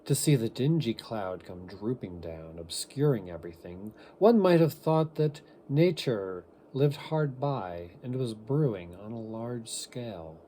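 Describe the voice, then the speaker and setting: A man giving an expressive amateur reading of a classic story, with shifting pace and occasional stumbles. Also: mid-range voice, measured pace, hardly any pauses, slight background noise. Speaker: reader.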